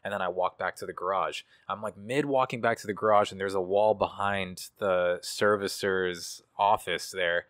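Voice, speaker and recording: Casual young man telling a story, low voice. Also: normal speed, few pauses, no room sound, studio quality. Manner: casual, profane, animated storytelling with many fillers. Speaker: guest. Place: indoor room.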